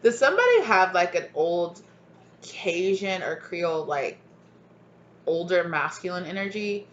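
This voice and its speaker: A woman's voice: on the low side, very animated, a little slow, highs cut off, slight background noise. A woman giving a casual tarot reading to her viewers, rambling and chatty, laughing often and calling them y'all. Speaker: tarot reader.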